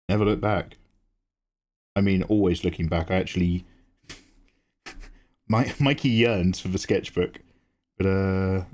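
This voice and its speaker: A grown man hosting a live drawing stream, chatting casually and teasing viewers as he answers chat. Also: darkish tone. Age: adult. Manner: chatty, teasing replies to chat, jumps up in pitch when greeting viewers. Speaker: livestream artist and host.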